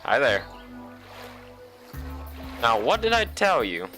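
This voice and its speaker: A young man voicing a cheerful young girl at a summer camp, in a friendly, high-pitched manner. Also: wildly swooping pitch, slow pace, bright, forceful tone, soft background music, full character voice.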